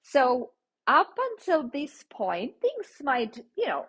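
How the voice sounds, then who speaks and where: Woman parenting coach on a podcast, slow and patient, kinda breathy husky voice. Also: sits high, very animated. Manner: gentle, teacherly, checks in with "okay?". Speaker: parenting podcast host, licensed clinical social worker. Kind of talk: instructive podcast talk.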